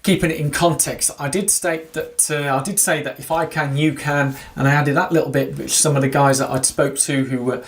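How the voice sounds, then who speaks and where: A man's voice: on the high side, fairly even intonation, normal speed, few pauses. A man recording a casual running vlog, talking to his viewers in a rambling way with lots of fillers and restarts. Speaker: running vlogger. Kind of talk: casual video diary talk to viewers.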